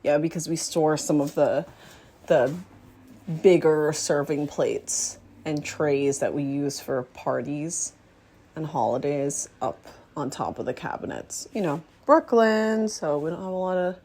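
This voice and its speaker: Her voice is low and she takes things slowly. This woman vlogs while cooking in her small apartment kitchen, talking casually to the camera, rambling, and letting her thoughts wander as she thinks aloud.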